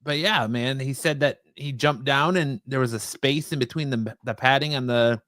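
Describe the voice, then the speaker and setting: A man's voice: medium pitch, normal speed, dry recording. Casual male wrestling show host. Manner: relaxed, joking, explains in detail. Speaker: podcast host. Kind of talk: casual live-stream chat.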